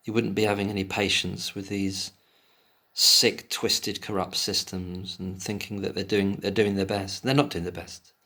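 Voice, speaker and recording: A man's voice: low voice, level tone, moderate pace, few pauses, fairly bright tone. A man giving a solo commentary, reading an article aloud and breaking off into emotional, indignant rants with plenty of swearing. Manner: reads passages aloud, then breaks off to rant.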